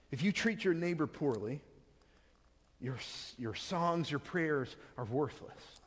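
A man's voice: a little high, takes it slowly. A man preaching a sermon, reading scripture aloud and then explaining it in plain conversational words. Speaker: pastor. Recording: long hall reverb.

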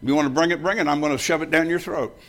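A man's voice: fairly high pitch, fairly even intonation, fast talker, a bit bright. A man in his seventies preaching a sermon, telling a personal story in a folksy, emphatic way and laughing often as he talks.

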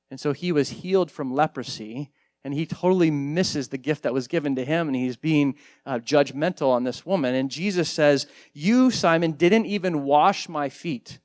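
Pastor guy preaching a sermon, kinda high voice, says like a lot, gets loud then goes real quiet. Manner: storytelling, swings between loud emphasis and hushed moments; casual, says "like" often.

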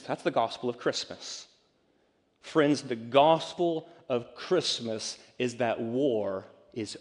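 Male pastor, mid-pitched, preaching in a church hall with long reverb. Rises to loud appeals, then drops to hushed words. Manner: swings from loud urgent calls to hushed near-whispers. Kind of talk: sermon. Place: church sanctuary.

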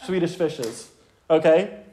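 A young man teaching a youth group from the Bible in a casual, energetic way, often checking in with his listeners. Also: on the high side, slow pace. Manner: energetic, checks in with "okay?" constantly.

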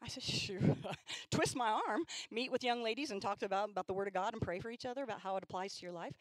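This fast-paced, mid-range female voice comes through a rough recording with no room sound. The middle-aged speaker is storytelling in a church sermon, vividly imitating young girls as she goes.

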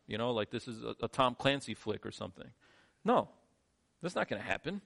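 A male pastor preaching a sermon, shifting between quiet, low lines and emphatic, rising ones. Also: sing-song, a little fast, gravelly.

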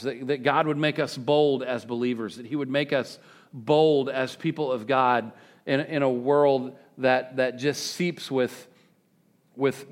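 A man preaching a sermon to a congregation, animated and joking, prompting the people to answer back. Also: medium pitch. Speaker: pastor. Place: church service with congregation.

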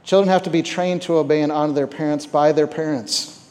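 A man's voice: a little high, steady tone, fairly quick, a little mellow. Man preaching in an echoing hall. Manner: conversational preaching with repeated words and rhetorical questions. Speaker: camp speaker. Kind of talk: sermon. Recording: reverberant hall.

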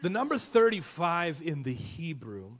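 Fired-up preacher man, rising and shouting. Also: fairly high pitch, sing-song, measured pace, breathy edge. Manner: fired-up preaching with call-and-response and rhymes. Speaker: pastor. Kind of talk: sermon. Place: church sanctuary.

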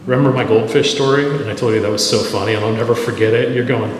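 In an echoey church hall with crowd noise, a middle-aged male pastor talks fast in a mid-range voice. His sermon is conversational and self-deprecating, full of animated stories.

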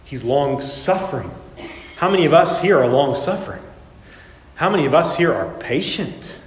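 A man's voice: on the high side, animated, normal speed. Man preaching in an echoey hall. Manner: acts out quoted voices, laughing asides. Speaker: pastor. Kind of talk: sermon.

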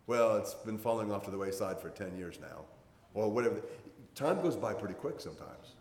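A man's voice: lowish voice, animated, normal speed. A man in his sixties, a pastor giving a conversational sermon in a folksy, plainspoken storytelling manner. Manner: folksy, storytelling, plainspoken with many hedging fillers. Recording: roomy sound with long hall reverb.

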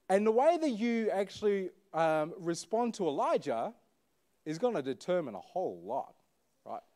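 A man's voice: on the high side, darkish tone. A man preaching a casual, conversational sermon as a pastor. He talks in a chatty way, often saying "um" and "like" and checking in with his congregation through questions. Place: church service.

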